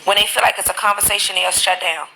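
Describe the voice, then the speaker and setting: A woman live streaming, telling her stories in an animated, profane way into a phone mic. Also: mid-range voice, quick pace, gravelly, soft background music, rough recording. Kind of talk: casual live-stream chat.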